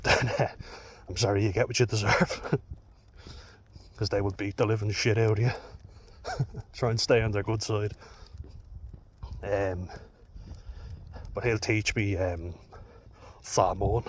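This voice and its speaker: Irish man, lowish voice, rugby coach, casual vlog monologue, rambling, blunt, swears. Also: fairly even intonation, measured pace, long pauses, a little hiss or hum. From Ireland. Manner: rambling, frank, swears, with frequent fillers and self-corrections.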